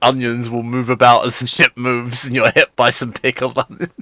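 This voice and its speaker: A man's voice: medium pitch, completely flat delivery, normal speed, sharp tone, no room sound. A man narrating as game master of a tabletop game, playful and joking with the players. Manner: playful, laughs along.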